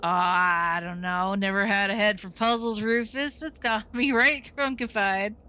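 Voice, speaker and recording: A woman's voice: medium pitch, steady tone, a little slow, bright, forceful tone, clear, resonant tone. A woman voicing a folksy old-west cowboy sidekick who talks in homespun cowboy slang, on a dull lo-fi recording. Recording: dull lo-fi sound.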